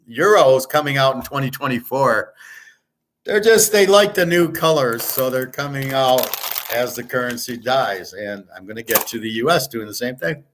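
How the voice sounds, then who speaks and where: An older man hosting a livestream, ranting bluntly and profanely, repeating his points with emphasis and speaking straight to a viewer. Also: medium pitch. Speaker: host.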